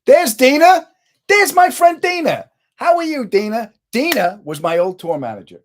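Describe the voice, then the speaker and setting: A man's voice: very high-pitched, normal speed. A middle-aged man, a comedian hosting his own podcast, chatting casually with viewers and telling jokey stories. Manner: joking, animated storytelling. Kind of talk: casual live-stream chat.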